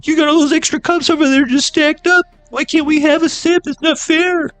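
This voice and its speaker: High, whining voices of grown men begging for a sip of coffee, as a man puts them on. The pleading sits well above his normal range, and some of it drifts a little off mic. Faint music plays underneath. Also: steady tone, moderate pace, a bit bright, no room sound.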